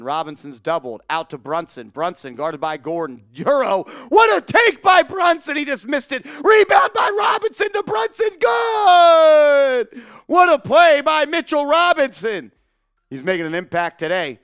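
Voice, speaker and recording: A man calling a live game as a fan streamer, fast and openly partisan, shouting at big plays and grumbling about the refs. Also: a little high, clean tone, dry recording. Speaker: play-by-play streamer. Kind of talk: live fan play-by-play commentary.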